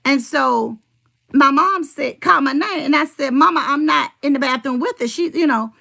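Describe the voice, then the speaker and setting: A woman's voice: high-pitched, normal speed, creaky, pushed and bright. A middle-aged woman rambling in casual livestream chat, telling family stories and answering her viewers' comments.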